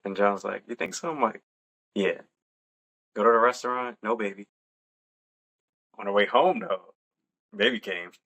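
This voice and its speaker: A young adult man and podcast co-host, casually telling a personal story in a relaxed, chatty way and laughing along. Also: on the low side, a little slow, creaky, long pauses.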